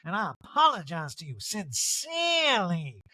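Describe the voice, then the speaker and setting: A man's voice: high-pitched, wildly swooping pitch, measured pace, pushed and bright, no room sound, heavily acted. A man doing a raised-voice impression of a blunt, sarcastic reality-TV woman in a comedic recap. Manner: sarcastic, emphatic.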